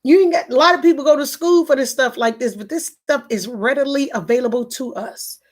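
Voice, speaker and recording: High-voiced woman telling a personal story. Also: fairly quick. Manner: earnest, repetitive, restarts often. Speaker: live-stream host reading viewer comments. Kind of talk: emotional personal storytelling to a live chat.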